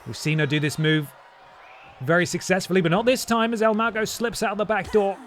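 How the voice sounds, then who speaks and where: A man's voice: high-pitched, steady tone, brisk, fairly bright tone, a little hiss or hum. A man, streaming a wrestling game and doing playful mock-announcer commentary with jokey asides. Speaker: gaming streamer.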